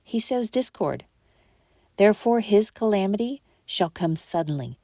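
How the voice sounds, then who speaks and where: A woman hosting a podcast, reading scripture aloud at a measured pace and lifting her voice for quoted speech. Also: mid-range voice, lively intonation, dark tone, dry recording, clean studio sound.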